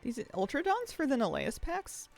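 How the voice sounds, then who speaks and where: A game streamer talking casually from a home office, chatty and rambling and quick to laugh. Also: sits high, wildly swooping pitch, gravelly, faint music behind. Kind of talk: casual chat while streaming a video game.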